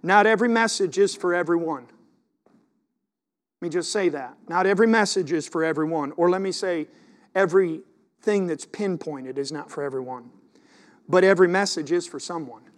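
A middle-aged man with a high voice preaches a sermon. He talks to the congregation conversationally, asks them questions, and swings between emphatic points and soft, hushed asides. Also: moderate pace. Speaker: pastor.

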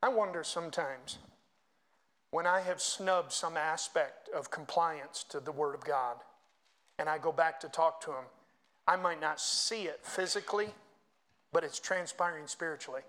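A man's voice: fairly high pitch, normal speed. A man preaching a sermon as pastor. He reads scripture with rising force and talks to the congregation in conversational asides. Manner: preaching, swelling louder when reading scripture.

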